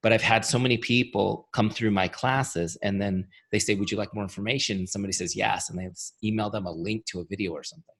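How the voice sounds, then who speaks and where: A man with a tired, fading voice gives an energetic webinar training, chatty and full of rhetorical questions. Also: fairly low pitch, fast, vocal fry, hardly any pauses, slightly rough. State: losing his voice. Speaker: software founder giving a training webinar.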